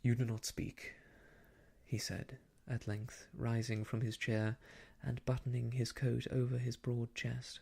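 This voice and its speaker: A man softly reading an old novel aloud for ASMR, hushed and slow, slipping into whispers, close to the mic. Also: mid-range voice, level tone, vocal fry, husky. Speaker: storyteller.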